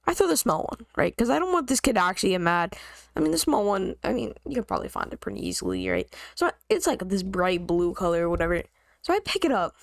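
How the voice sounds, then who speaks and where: A woman vlogger telling a story in a slangy, joking, animated way. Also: medium pitch, quick pace, creaky, no room sound. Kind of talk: casual storytime.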